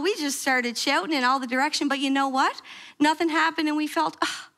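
A woman pastor giving a sermon, telling a story with lively acted-out quotes and questions to the congregation. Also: moderate pace. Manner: animated storytelling, acting out quoted prayers with sharp pitch jumps. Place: church sanctuary.

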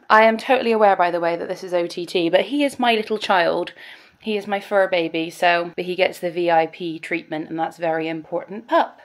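A woman's voice: fairly low pitch, steady tone, a little fast. A young woman chatting to camera in a casual vlog, bubbly, breaking into a sing-song voice for her dogs. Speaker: vlogger.

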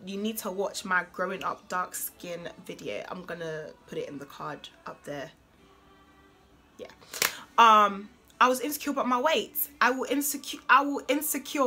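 A young woman talking straight to her viewers with a bright, forceful voice that sits a little high. She speaks in an animated, emphatic way and leans into preaching at times. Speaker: beauty vlogger. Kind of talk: casual talk to camera.

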